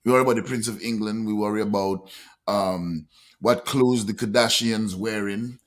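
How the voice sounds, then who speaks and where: A man's voice: on the low side, moderate pace. A man co-hosting a casual talk show, speaking in a preachy, emphatic way. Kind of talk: casual podcast chat.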